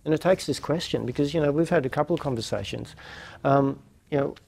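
A man's voice: on the high side, quick pace, creaky, a little mellow, husky. A man hosting a reflective lecture series, musing aloud with many fillers and restarts. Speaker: host of a non-duality lecture series.

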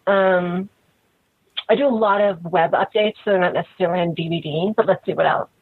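A woman in her thirties speaks as an interview guest, frank and relaxed, with "like" dropped all through her talk. Her husky voice comes through thin and tinny, like a phone line. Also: fairly low pitch, brisk, no room sound. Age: 30s. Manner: frank, relaxed, many "like" fillers.

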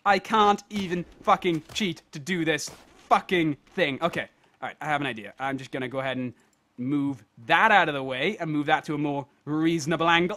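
A young man giving gaming commentary, exasperated, swearing and shouting at the game as he plays. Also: on the high side, brisk. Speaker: gaming video host.

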